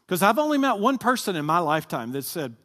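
Animated preacher in a reverberant hall. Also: male voice, high voice, quick pace. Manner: talks with the congregation, asking them to answer aloud. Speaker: pastor. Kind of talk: sermon.

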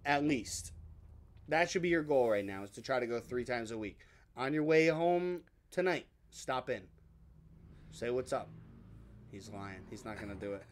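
A man's voice: medium pitch, animated, normal speed, long pauses. A man co-hosting a podcast, chatting casually with friends and teasing while giving advice. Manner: joking, teasing, gives advice. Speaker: podcast co-host. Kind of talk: casual chat among friends.

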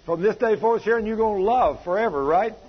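A man's voice: high-pitched, fairly quick, husky, dull audio. A man preaching a sermon, folksy and plainspoken, his delivery swelling and dropping. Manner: folksy, rising and falling preaching cadence.

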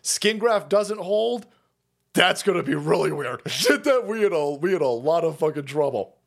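A man hosting a livestream, ranting profanely and mockingly about politics, often breaking into shouts, while dabbing a bleeding nose. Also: a little high, animated, normal speed, vocal fry. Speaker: streamer host.

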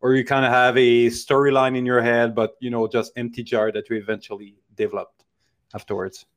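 A man asking interview questions, hesitant and halting with many fillers. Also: mid-range voice, little pitch movement.

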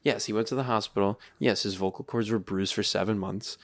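A young man in his twenties co-hosting a casual podcast chat, telling animated stories and acting out quotes. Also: fairly quick, dry recording. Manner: animated storyteller, acts out quotes in higher voices. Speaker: podcast co-host.

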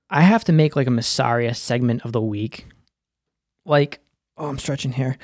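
A young film and TV recap host with a mid-range voice talks at a normal speed about a TV episode. His manner is easygoing and profane, full of "like" and other fillers, captured in a dry, studio-quality recording.

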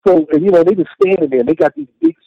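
A middle-aged interview guest with a high, gravelly, sing-song voice rattles off his faith testimony rapid-fire. He's earnest and repetitive, acting out what he said. The muffled recording has no echo.

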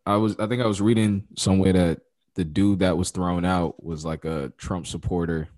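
A man's voice: deep voice, normal speed, dry recording. Slangy man in a dry room. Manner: slangy, excitable storyteller, swears. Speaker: podcast co-host. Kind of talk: casual chat.

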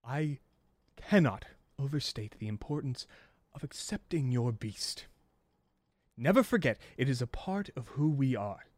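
A composed vampire who runs his group like a therapist, as a man voices him. He speaks in a measured, coaxing way at a middling pitch. The sound is dry and close. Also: animated, darkish tone, no echo. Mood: earnest. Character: calm male vampire group leader, therapist-like. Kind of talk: acted dialogue in a tabletop game.

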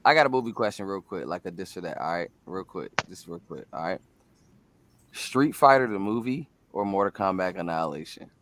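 Male panelist, easygoing, lively pitch, casual talk. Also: a little fast, slight background noise. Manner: laid-back storyteller, laughs easily. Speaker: podcast panelist. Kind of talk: casual roundtable chat.

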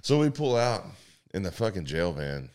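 A man who works as a sheriff's deputy, telling profane jail and patrol stories in a casual, animated way. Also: deep voice, moderate pace. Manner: profane, animated storyteller, loud when acting out the chase. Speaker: sheriff's deputy in livestock division. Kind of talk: casual storytelling.

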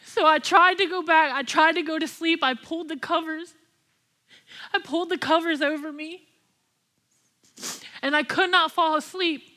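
Young woman preacher, high bright voice, candid and impassioned testimony. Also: fairly even intonation, normal speed, long pauses. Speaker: pastor and worship leader. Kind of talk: sermon.

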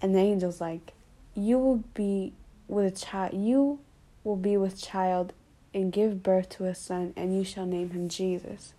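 A woman's voice: mid-range voice, steady tone, a little slow, dark tone. A woman casually retelling a Bible story in her own words, full of informal fillers. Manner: informal, with frequent "basically", "like" and "you know". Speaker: Bible study presenter.

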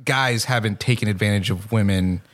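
A man hosts a casual podcast chat, feeling his way through his questions with restarts. His voice sits on the low side. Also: normal speed. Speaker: podcast host.

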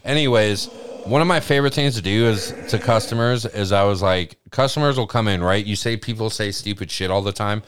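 A man's voice: lowish voice, a little fast, a little hiss or hum. A man co-hosting a casual podcast chat, talking bluntly and emphatically with heavy swearing.

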